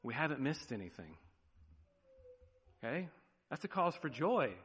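A man preaching a sermon as pastor, animated, with sudden drops to a quiet, emphatic tone. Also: medium pitch, unhurried, breathy edge, in a large hall.

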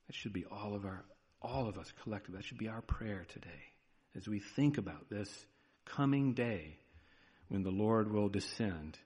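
A man preaching a sermon as pastor, earnest and pleading, moving between loud urging and a soft hush. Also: lowish voice, animated, moderate pace, big-room sound, lo-fi sound.

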